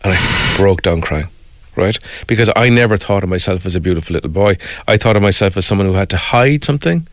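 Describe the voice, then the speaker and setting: A man's voice: sits low, fast talker. A middle-aged man telling a personal story in a casual chat. He rambles and keeps adding "right?" and "like" as he goes. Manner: rambling, animated, repeats "right?" and "like". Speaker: guest.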